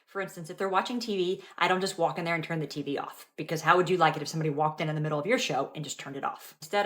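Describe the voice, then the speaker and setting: A young woman and mother giving casual parenting tips in an upbeat, instructive way. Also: sits low.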